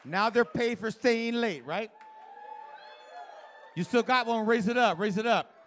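A man's voice: extremely high pitch, unhurried, a bit bright, a little hiss or hum. A man doing live stand-up in a comedy club, working the crowd with a brash, profane, teasing manner into a handheld stage mic.

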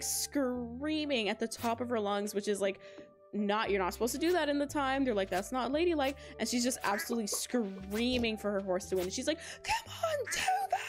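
A young woman streaming a game live, chatting to her viewers in a giggly, rambling way with lots of fillers. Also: fairly high pitch. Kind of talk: casual live-stream chat while playing. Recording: game music playing behind. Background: game music.

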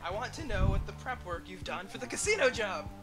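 A man's voice: high-pitched, animated, fairly quick. A man voicing an impatient, brutish male crime boss who is fed up with his partner's riddles, over game music. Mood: exasperated. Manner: exasperated, gruff.

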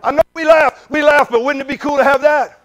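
A man preaching a sermon, talking conversationally to his congregation with many questions, moving between loud urgent bursts and quiet asides. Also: very high voice, fairly even intonation, brisk.

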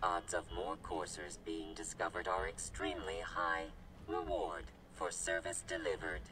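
A man voicing a calm robot analyst in a video game who speaks in clipped, machine-like statements. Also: sits low, measured pace. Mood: computing. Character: calm male robot analyst, flat and precise. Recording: distant game audio with clear background noise.

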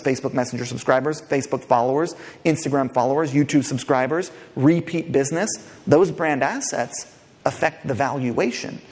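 A fairly high-voiced man delivers an energetic conference keynote from the stage. He keeps checking in with the crowd through quick questions. His voice carries a long reverb that rings through the large hall. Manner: energetic, quizzes the audience directly. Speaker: keynote speaker.

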